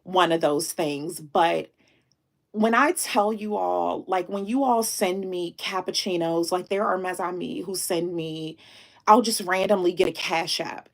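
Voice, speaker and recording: A woman hosting a casual live stream. She thanks viewers warmly, drops in French greetings and speaks with emotion, close to tears. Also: lowish voice, measured pace, creaky. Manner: chatty, repeats herself, thanks viewers.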